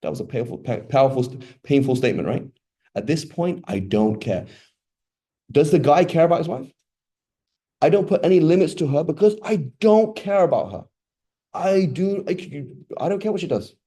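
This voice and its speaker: A man teaching an informal religious lesson in a mosque, chatty and animated, often asking the audience questions. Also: a little high, a little fast, slightly rough. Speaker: teacher giving a talk in a mosque.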